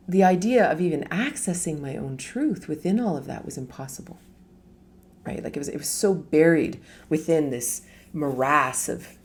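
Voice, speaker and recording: A woman's voice: low-pitched, gravelly, darkish tone. A middle-aged woman giving a casual live talk as a spiritual teacher, chatty, laughing often and asking rhetorical questions.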